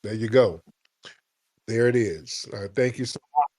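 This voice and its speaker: A man's voice: fairly low pitch, measured pace, a little mellow, slightly rough. A man from the United States hosting a call-in talk show, emphatic and swearing freely. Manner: brash, profane and emphatic. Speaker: radio show host.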